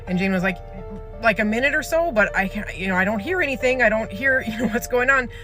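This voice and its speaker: A mid-range voice moves fast through a parent's spooky hospital tale, told loosely with filler words and performed lines of dialogue. Music plays clearly underneath throughout.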